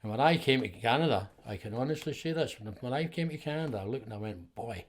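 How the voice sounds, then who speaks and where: A man's voice: mid-range voice, expressive, quick pace, slight background noise. A Scottish man in his seventies, a podcast guest rambling through anecdotes with frequent chuckles and restarts. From Scotland. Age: 70s. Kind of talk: casual storytelling conversation.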